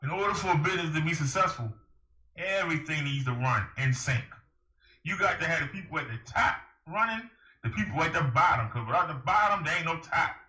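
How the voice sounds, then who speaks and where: A man's voice: a little high, lively intonation, brisk, bright, forceful tone. A man delivering a preachy, emphatic monologue to camera, firing rhetorical questions at the listener. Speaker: vlogger giving advice. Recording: echoey room.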